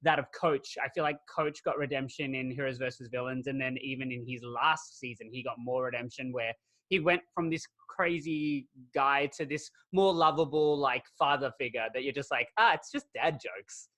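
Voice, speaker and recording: A man hosting a casual fan podcast, talking in an animated, chatty way full of "like" fillers. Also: mid-range voice, moderate pace. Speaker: podcast host. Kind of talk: casual chat.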